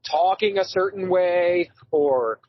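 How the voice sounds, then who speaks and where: A man co-hosting a podcast, animated in casual chat and swearing freely. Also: high voice, slow, dry recording, lo-fi sound. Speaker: podcast co-host.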